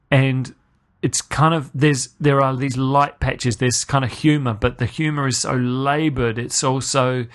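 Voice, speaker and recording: A man hosting a podcast with a casual, sarcastic review in a mid-range voice. He stumbles and restarts as he rants, and he swings up into a high, disbelieving pitch. He sounds exasperated rather than calm. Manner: exasperated ranting, pitch leaping up when incredulous. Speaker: podcast host. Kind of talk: casual spoken film review.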